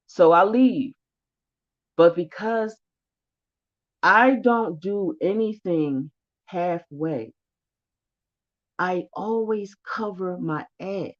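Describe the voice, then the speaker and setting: A woman's voice: lowish voice, takes it slowly, pauses often, highs cut off. A woman vlogger telling a story of her own in blunt, profane, heated casual speech. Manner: profane, blunt, rising anger.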